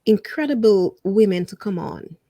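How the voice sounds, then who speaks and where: A woman guest on a casual interview podcast, telling her stories in an animated way, acting out what people said and laughing often. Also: medium pitch, moderate pace, no echo, clean studio sound. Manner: animated storyteller who acts out quotes and laughs often. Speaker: podcast guest and fellow podcast host.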